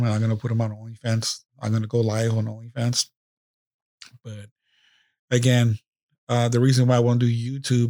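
A male podcast host speaks off the cuff, rambling and swearing raw emotion. His voice is gravelly and fairly flat in pitch. The close mic sounds dry, no room echo. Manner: emotional, profane, rambling with restarts. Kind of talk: casual unscripted podcast monologue.

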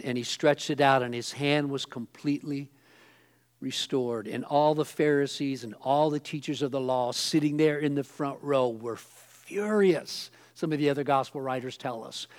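A middle-aged man pastor delivering an earnest sermon, stressing words and repeating phrases, with dramatic pauses. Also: medium pitch. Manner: earnest, emphatic preaching with dramatic pauses and repetitions.

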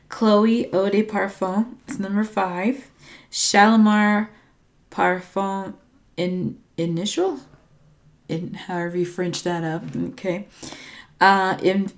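A woman talks through a ranked list in an unhurried, easygoing way. She pauses to puzzle over tricky names and trails off into little asides. Her voice sits at an ordinary middle pitch. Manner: hesitant, unsure pronunciations, trailing asides. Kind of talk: casual chat reading out a ranked list.

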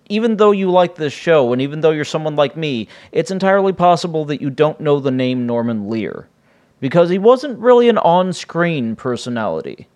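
A man hosting his own podcast, talking casually on his own, rambling and often restarting his sentences. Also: a little high. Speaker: podcast host. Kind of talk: casual solo podcast monologue.

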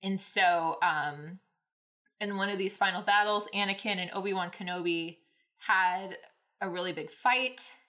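A woman hosts a podcast and recaps a story in a loose, rambling way, full of fillers. Her voice is bright and forward. She keeps it casual and chatty. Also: mid-range voice, unhurried. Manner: rambling, many ums and likes, laughing. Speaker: podcast host. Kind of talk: casual fanfic recap and reading.

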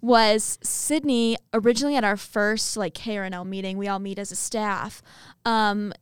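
A young woman co-hosting a student podcast, chatting casually and telling stories with animated energy and frequent laughs. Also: medium pitch, moderate pace, clear, resonant tone, no room sound, studio quality. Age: young adult. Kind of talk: casual chat.

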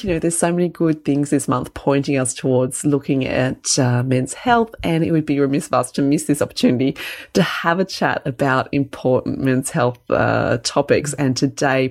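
A woman co-hosting a casual podcast chat, hoarse and husky from laryngitis, chatty and laughing often. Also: rumbling low, a little mellow. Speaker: podcast co-host, health practitioner.

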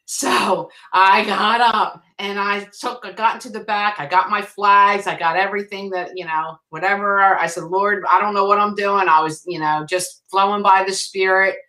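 A woman guest author sharing an emotional faith testimony in a halting, restarting way. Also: mid-range voice, steady tone, pushed and bright, low-quality recording.

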